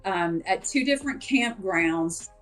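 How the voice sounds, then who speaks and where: A woman guest in a podcast interview tells her story casually, circling back with fillers. Her voice sits in an ordinary middle pitch. A faint wash of music plays underneath. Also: expressive, unhurried. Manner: chatty, many fillers, acts out quoted voices. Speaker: paranormal investigator guest.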